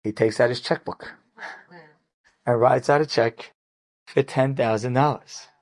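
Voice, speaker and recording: A male rabbi telling an inspirational story in a lively, conversational way. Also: mid-range voice, a little slow.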